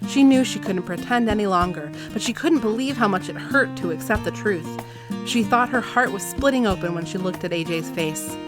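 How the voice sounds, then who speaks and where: A woman hosting a podcast in casual chat, laughing often and reading passages aloud in animated voices. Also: medium pitch, moderate pace, music in the background. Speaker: podcast host.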